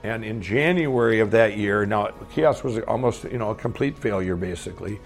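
Gravelly-voiced man, candid rambling storyteller who acts out the dialogue, faint music behind. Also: on the low side, moderate pace. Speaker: guest telling his life story. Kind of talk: personal storytelling.

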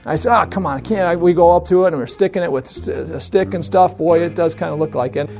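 A man telling a funny story from his youth in a casual, animated way, laughing often and acting out the voices of others. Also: fairly high pitch, fast, gravelly, faint music behind. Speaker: storyteller guest. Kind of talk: casual anecdote.

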